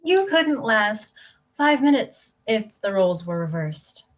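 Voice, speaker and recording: A woman's voice: mid-range voice, sing-song, a little slow. Woman playing a sarcastic online commenter. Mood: cutting. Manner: cutting, sarcastic, blunt. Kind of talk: student theatre acting.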